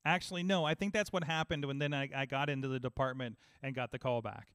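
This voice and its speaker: A man in casual podcast chat, telling an animated story and acting out both sides of phone calls. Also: mid-range voice, quick pace, clear, resonant tone, dry recording. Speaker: podcast host.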